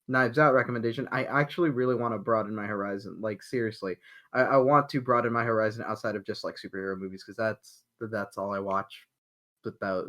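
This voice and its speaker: Man, podcast co-host, mid-pitched voice, jokey, protesting, casual chat. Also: fairly bright tone.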